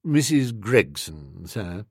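A man voicing an unflappable male valet who speaks quietly, slowly and formally. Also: on the low side, big pitch swings, slightly rough, no echo, studio quality, pitched below the performer's own voice, heavily acted. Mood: composed. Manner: quiet, measured, slow and formal.

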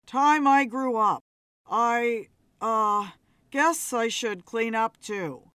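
A woman's voice: a little high, very slow, fairly bright tone, clean tone, no room sound, studio quality. Woman reading as a hesitant young man. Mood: resigned. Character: young man, weary, wary of arguments.

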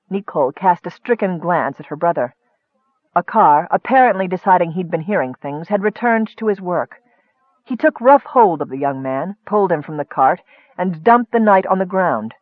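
A man with a high voice narrates a fantasy tale in a measured, expressive reading. The sound is dry and slightly muffled, close to the mic. He keeps an even storytelling pace. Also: dry recording. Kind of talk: audiobook narration.

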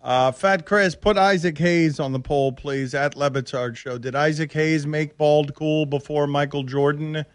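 A man hosting a sports talk radio show, arguing in animated, rambling tangents. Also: a little high, a little slow, few pauses, clean tone, dry recording. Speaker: radio host.

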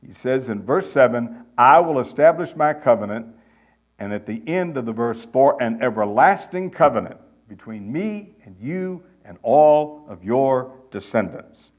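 A man's voice: medium pitch, animated, unhurried, hardly any pauses, dull audio. Man teaching through Bible verses. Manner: reads verses aloud with emphasis, then explains them. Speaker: pastor.

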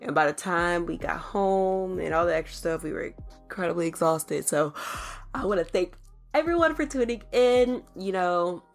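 A woman's voice: fairly low pitch, normal speed, soft background music. A young adult woman co-hosting a casual podcast with her partner, chatty and teasing. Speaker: podcast co-host. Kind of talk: casual couple podcast chat.

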